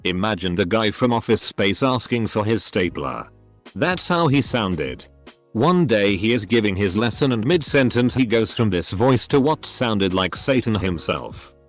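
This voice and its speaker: A man reading short stories aloud in a steady, scripted narration style. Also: fairly low pitch, measured pace, soft background music.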